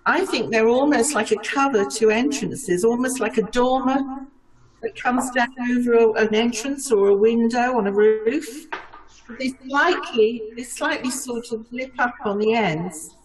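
Woman panelist, high-ish, earnest, distant from mic. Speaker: conference panelist. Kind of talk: casual video call discussion.

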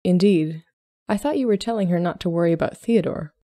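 A reserved young gentleman at a ball, as a woman reads him aloud speaks in an even, grave manner. The voice sits fairly low with a mellow, soft edge. It is recorded close and dry for a storybook reading. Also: brisk, no echo, close to an everyday voice. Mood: level.

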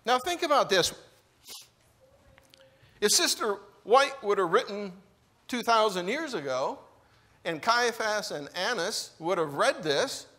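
A man preaching a sermon in a church, slow and emphatic, with deliberate pauses between phrases. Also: high-pitched, bright, forceful tone. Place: church sanctuary.

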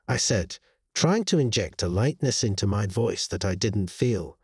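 A man narrating a horror story in a slow, grave storytelling manner with lively intonation, in a dry, close studio voice-over. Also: fairly low pitch, slightly rough, dry recording.

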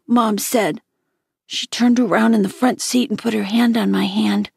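A woman with a gravelly voice reading a story aloud in steady first-person narration. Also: mid-range voice, moderate pace, no room sound, studio quality. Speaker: audiobook reader.

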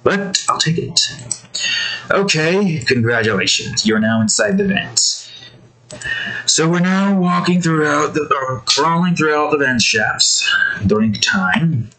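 Young guy drawing and making up a dice story out loud, slow and rambly, bright voice, keeps jumping way up in pitch. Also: rough recording. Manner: rambling, animated storyteller with filler and sudden high pitch jumps. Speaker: artist narrating a dice-driven story. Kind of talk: casual narration while drawing.

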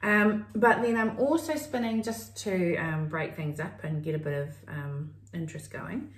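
Speaking a little slowly at a fairly low pitch, a middle-aged woman from New Zealand wanders through casual crafting talk as a podcast co-host, thinking out loud. The mic sits at a distance in a roomy space.

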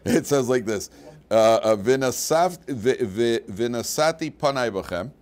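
A man, a rabbi teaching a class and telling funny personal stories, laughing at his own jokes. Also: slow pace. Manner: animated storyteller, laughs at his own jokes, big jumps in pitch and loudness. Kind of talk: lively class talk with personal anecdotes.

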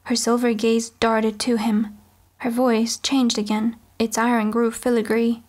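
A woman reading a novel aloud as an audiobook, in measured first-person storytelling. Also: on the high side, little pitch movement, darkish tone. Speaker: audiobook reader. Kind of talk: audiobook narration.

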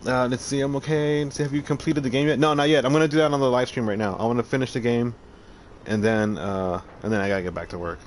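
A man's voice: medium pitch, fairly even intonation, fast talker, slight background noise. A man live-streaming a game, chatting casually with viewers, swearing freely and talking to himself as he plays. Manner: chatty, profane, talks to chat while playing. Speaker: streamer playing a game and reading chat.

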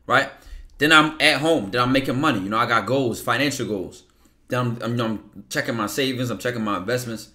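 A man in casual motivational talk, blunt, profane and slangy, acting out his inner voice in quick asides. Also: medium pitch, sharp tone. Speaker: podcast guest.

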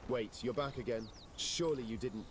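A man's voice: medium pitch, fairly quick, natural voice. A man voicing a proud, condescending village elder in a game, speaking formally.

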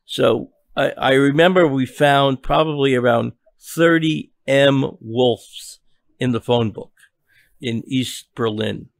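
An older journalist appears as a podcast guest, recounting a long story haltingly with many restarts and repeated words. His mid-range voice is creaky, and the studio-quality recording has no echo.

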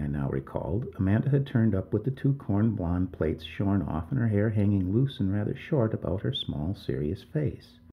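A low, gravelly male voice reads a first-person story, his pitch rising and falling expressively. His telling is measured and wry. The audio is thin and tinny, as if over a phone. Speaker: story narrator. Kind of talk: scripted story reading.

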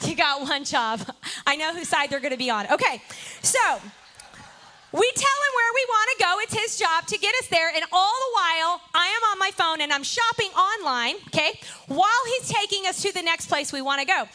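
A woman pastor telling a story from the pulpit with playful, animated energy. Her voice sits very high and swoops widely as she talks. The tone is bright and ringing. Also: a little fast. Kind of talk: storytelling sermon. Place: church service.

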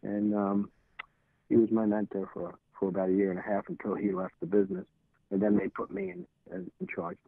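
A man's voice: fairly low pitch, brisk, creaky, no room sound. A man, telling stories as a podcast guest, rambling and restarting phrases as he acts out old conversations. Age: 60s. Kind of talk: casual storytelling interview. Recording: tinny phone-like line, dry.

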